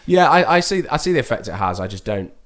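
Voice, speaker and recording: Chatty young man, lively voice. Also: medium pitch, quick pace. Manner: chatty, hesitant with many restarts. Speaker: podcast host. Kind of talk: casual podcast chat.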